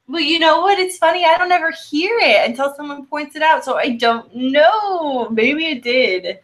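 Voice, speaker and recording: A woman's voice: high-pitched, animated, unhurried, fairly bright tone. A woman co-hosting a casual chat, bubbly and chatty, laughing often, with a slight American Southern drawl. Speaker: co-host.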